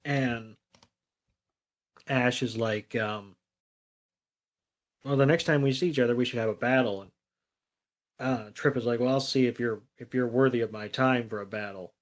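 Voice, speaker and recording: A man's voice: mid-range voice, moderate pace, long pauses. A man co-hosting a podcast, casually retelling a cartoon episode with frequent ums and acted-out quotes. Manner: relaxed retelling with many ums and quoted lines. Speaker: podcast co-host.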